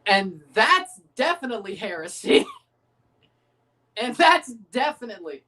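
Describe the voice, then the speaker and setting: A man's voice: very high-pitched, big pitch swings, measured pace, bright, forceful tone, distant mic, slight background noise. A man hosting a livestream, giving loose reaction commentary on a football match, laughing often, swearing and calling out the match minutes. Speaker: livestream host. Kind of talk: casual watchalong reaction commentary.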